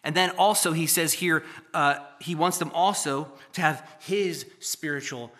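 Bright-voiced pastor preaching conversationally. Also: male voice, fairly high pitch, a little slow, few pauses. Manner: conversational, asks the congregation questions; jokes and teases, swings between loud emphasis and quiet asides. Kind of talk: sermon. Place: church.

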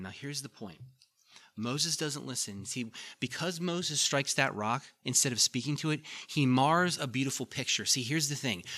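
A man's voice: mid-range voice, bright, forceful tone. A male pastor preaching a conversational sermon, reading scripture aloud with emphasis and putting questions to the congregation.

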